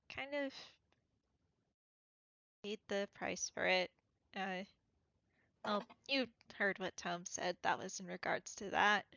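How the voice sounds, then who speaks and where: A woman voicing a young boy detective who speaks softly and hesitantly, sounding worried, on dull lo-fi audio. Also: mid-range voice, vocal fry, no room sound, full character voice. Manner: soft, hesitant, subdued.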